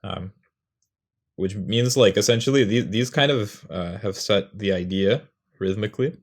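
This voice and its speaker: Speaking a little slowly in a fairly low pitch, a young man hosts a poetry tutorial. His explanation of how to write a poem is loose, meandering and self-mocking, and he sounds out the rhythms as he goes.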